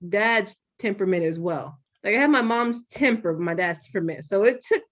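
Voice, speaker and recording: A young adult woman hosting a podcast, talking frankly and with some profanity in an animated, storytelling way. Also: mid-range voice, brisk. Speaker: podcast host. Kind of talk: candid podcast conversation.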